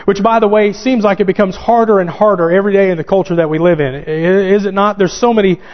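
Man preaching a sermon, fairly high voice, emphatic rising calls, long hall echo, dull sound. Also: fairly even intonation, fast. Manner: reads scripture aloud in King James wording. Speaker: pastor.

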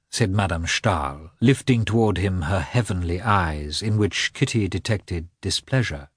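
Husky low-voiced male narrator. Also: moderate pace, hardly any pauses, no echo, clean studio sound. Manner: expressive, varied reading. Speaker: audiobook narrator. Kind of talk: scripted narration.

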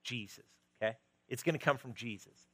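A male pastor preaching a sermon, moving between loud emphasis and quiet, intimate stretches. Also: medium pitch, fairly quick, breathy edge, dry recording, poor audio.

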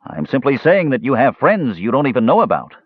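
A man's voice: medium pitch, big pitch swings, fairly quick, slightly rough, no echo, voice pushed up. A man reading an audiobook, voicing a tired, earnest male half-elf who speaks agreeably and pleadingly, on a dull, muffled recording.

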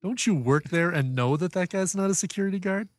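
Higher-pitched male co-host, giggly, quick quips. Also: dry recording. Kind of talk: casual movie-watching commentary.

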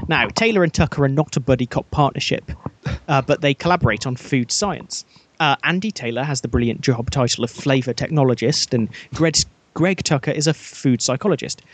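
A man's voice: medium pitch, lively intonation, a little fast, husky. A man from England's Black Country hosting a podcast in casual chat, dry and jokey with self-mocking asides. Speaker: podcast host.

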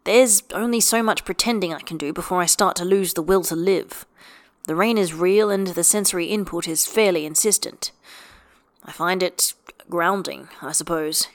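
A woman voicing a gentle young male wizard who talks with wry, joking levity. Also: on the low side, normal speed, close to an everyday voice. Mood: subdued.

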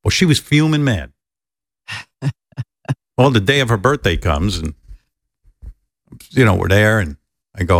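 A man telling a long personal story, animated and a bit profane, acting out the people he quotes. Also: fairly low pitch, measured pace, pauses often, no room sound, studio quality. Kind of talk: casual storytelling.

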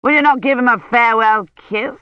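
A woman narrator voicing a domineering, menacing medieval knight who speaks slowly and possessively. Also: fairly high pitch, clean tone, no echo, pitched above the performer's own voice, close to an everyday voice. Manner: slow, possessive, commanding. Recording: dry, dull lo-fi audiobook recording.

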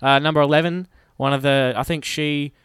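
A man's voice: on the high side, steady tone, a little fast, fairly bright tone, clean tone, no room sound, clean studio sound. A young Australian man co-hosting sports radio in a casual, jokey chat. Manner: chatty, jokey, plays up the banter.

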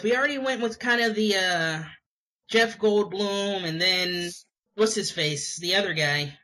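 A young Scottish man chats as a podcast co-host, rambling with lots of fillers and restarts. His high voice has a very bright, sharp edge. He talks in a loose, meandering way. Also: lively intonation, measured pace, rough recording. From Scotland. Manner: rambling, hesitant, many fillers. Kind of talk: casual chat.

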